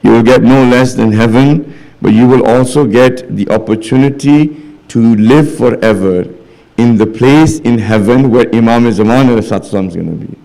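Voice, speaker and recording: Gravelly man preaching a sermon. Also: normal speed, dark tone, rough recording. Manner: rises to impassioned, high-pitched pleading near the end; retells stories with quoted dialogue. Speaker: religious speaker. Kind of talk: majlis sermon. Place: mosque hall.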